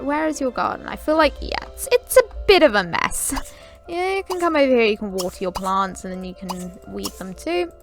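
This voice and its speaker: A young woman giving casual, chatty gameplay commentary while she plays, often bemused and quick to correct herself. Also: high-pitched, gravelly. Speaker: gaming YouTuber.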